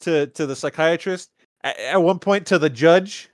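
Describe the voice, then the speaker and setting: A man joking through a movie rewatch with a co-host, wry and quick to act out the characters' lines. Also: fairly high pitch, dry recording, studio quality. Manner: wry, jokey, acts out lines in funny voices. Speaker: podcast co-host. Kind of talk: casual movie rewatch chat.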